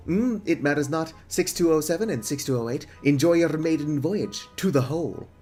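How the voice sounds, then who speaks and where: A man's voice: on the high side, animated, normal speed, dark tone, faint music behind, lightly acted. A man voicing a pompous male prison warden in a game, who speaks with mocking, grandiose formality.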